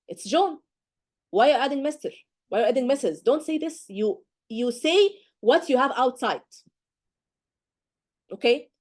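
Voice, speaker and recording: A woman's voice: high voice, lively intonation, moderate pace, pauses often, darkish tone. A woman tutoring medical exam candidates in a live lecture, emphatic and constantly checking in with "okay?" and "do you get?".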